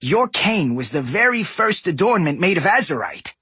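A man's voice: sits high, very animated, normal speed, bright, forceful tone, breathy edge, no echo, voice pushed up, heavily acted. A man voicing an anxious young male goblin engineer in a raised, fretful voice in an audiobook reading. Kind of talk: audiobook character voice.

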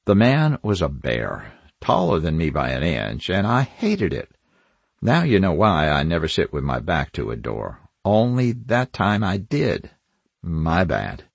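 A man's voice: deep voice, huge pitch swings, unhurried, creaky, breathy edge, no echo. A man narrating a first-person crime novel in a wry, hard-boiled manner with dry asides. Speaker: audiobook narrator.

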